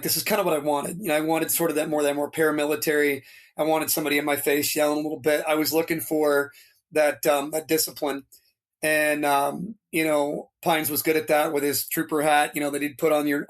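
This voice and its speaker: A man in his fifties telling stories in a casual, rambling way, with many fillers, and acting out the people he quotes. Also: a little high. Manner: rambling, filler-heavy, animated when quoting others. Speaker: interview guest, retired fire lieutenant. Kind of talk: casual storytelling.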